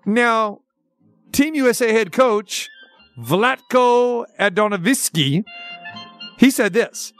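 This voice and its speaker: Male sports talk host, high voice, chatty and rambling, faint music bed. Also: expressive, takes it slowly, long pauses, a bit bright. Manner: chatty, rambling, restates points. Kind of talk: casual sports talk commentary.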